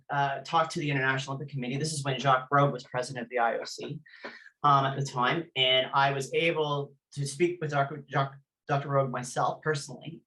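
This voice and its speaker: On a low-quality recording, a woman with an extremely low, slightly bright voice tells her own history as an interview guest. She is a former elite athlete from Canada, earnest and intense, and she restarts her sentences often.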